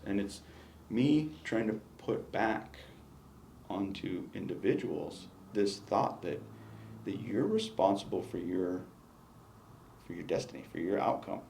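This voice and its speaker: A man's voice: low voice, expressive, measured pace, creaky, a little mellow, reverberant, a little hiss or hum. A man, a retiring battalion chief, reflecting in an exit interview, emphatic and given to restarts. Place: indoor meeting room.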